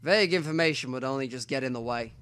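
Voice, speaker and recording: A male let's play host reads through a visual novel, pausing narration now and then for hushed remarks to himself. He talks fast, clearly and resonantly at a medium pitch.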